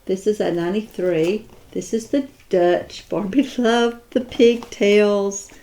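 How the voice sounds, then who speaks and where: A woman's voice: medium pitch, steady tone, takes it slowly, dark tone. A woman chatting casually as she shows off her doll collection, admiring each piece and thinking aloud. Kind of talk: casual unboxing chat.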